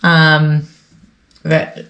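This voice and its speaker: Working at her sewing machine, a woman hosts a relaxed sew-along and muses aloud as she goes. She speaks very slowly in a deep, monotone voice with a fairly bright tone, recorded with roomy echo and faint noise.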